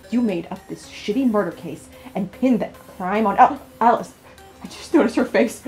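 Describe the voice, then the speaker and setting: A young woman with a mid-range voice provides let's play commentary on a horror visual novel. She startles easily, laughs a lot and answers back to the characters.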